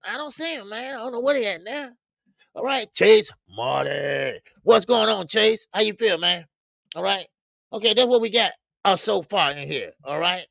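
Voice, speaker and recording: A man's voice: sits high, animated, normal speed, vocal fry, a bit bright, no echo, studio quality. A man hosting a casual boxing talk livestream, slangy and rambling, greeting chat viewers by name and stumbling into stammered restarts. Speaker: boxing show host. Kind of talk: casual live-stream talk.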